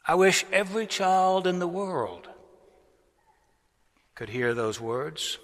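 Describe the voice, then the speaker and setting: A man's voice: high-pitched, expressive, fairly bright tone. A man delivering a sermon from the pulpit, taking his time over each phrase and letting his voice swell on the key words. His words ring out through a large cathedral, trailing a long echo. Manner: slow, deliberate preaching with swelling emphasis. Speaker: pastor.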